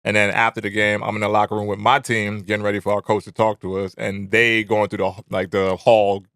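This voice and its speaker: A young man on a podcast with a lowish voice, talking loosely, full of slang and swearing. The sound is close and dry, with no room around it. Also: fairly quick, no echo. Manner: relaxed, profane storytelling with slang. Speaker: podcast host. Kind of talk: casual chat.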